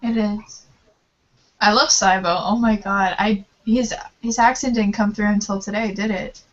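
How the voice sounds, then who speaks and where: An Irish woman chatting casually on a video call, gushing and excitable. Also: mid-range voice. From Ireland. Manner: excitable, gushing, quick to laugh. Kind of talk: casual chat. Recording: dull lo-fi video call audio.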